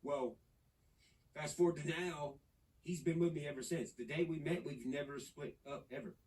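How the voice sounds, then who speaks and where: Profane animated man. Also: fairly high pitch, moderate pace, recorded from a distance, low-quality recording. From Nashville, Tennessee. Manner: animated, profane, rambling storyteller. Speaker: podcast guest. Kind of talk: casual podcast chat.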